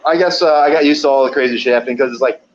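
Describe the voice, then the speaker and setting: A man's voice: mid-range voice, rapid-fire, slight background noise. A man telling wild delivery-job stories in a loose, profane, rambling way, laughing often and acting out what people said. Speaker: podcast guest, pizza delivery driver. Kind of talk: casual storytelling. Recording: dull lo-fi audio.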